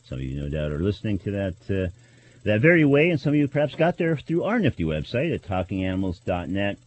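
A man's voice: fairly low pitch, big pitch swings, fast talker, dull audio. A man hosting a college radio talk show, announcing with frequent hesitations and fillers. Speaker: radio host.

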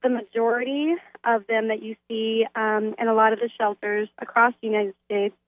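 Female phone-in guest, chatty and filler-heavy, fairly high voice on a tinny line. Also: level tone, moderate pace. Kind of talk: phone interview.

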